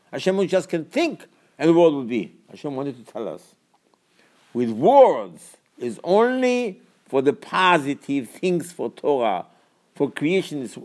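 A man preaching a Torah sermon in a voice of middle pitch. He drives his points home with repeated rhetorical questions and swings from low, quiet explanation to loud, high scolding. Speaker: rabbi.

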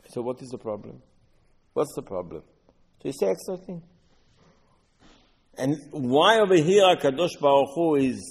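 A man giving a Torah lesson, explaining verses line by line in halting non-native English mixed with Hebrew. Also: mid-range voice, big pitch swings, gravelly, darkish tone, slightly rough, long reverb tail. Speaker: Torah teacher.

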